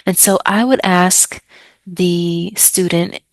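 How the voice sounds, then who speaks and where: A woman ESL tutor explaining a trial lesson step by step, slowly over-enunciating example words to model pronunciation. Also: lowish voice, fairly even intonation, dry recording. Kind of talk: teaching tips, modeling pronunciation.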